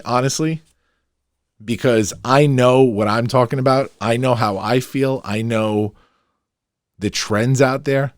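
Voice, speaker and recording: A man's voice: medium pitch, dry recording, clean studio sound. A brash, emphatic middle-aged man, hosting a podcast in an opinionated monologue. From New York, Long Island. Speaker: podcast host.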